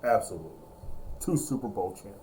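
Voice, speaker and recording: A young man hosts a sports video game channel and talks on in an emotional, looping way, cheering and repeating himself. His voice is mellow and dark in tone. Faint noise sits behind it. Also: fairly low pitch, expressive. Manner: emotional, repetitive, breaks into drawn-out cheers. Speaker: gaming channel host. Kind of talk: excited gameplay commentary.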